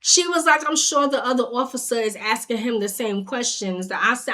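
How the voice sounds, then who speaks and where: A woman telling a story straight to her viewers, acting out the other voices, swinging from low mutters to loud outbursts and laughing as she goes. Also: normal speed. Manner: laughs while telling, addresses viewers directly. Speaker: storyteller vlogger. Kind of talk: animated storytime vlog.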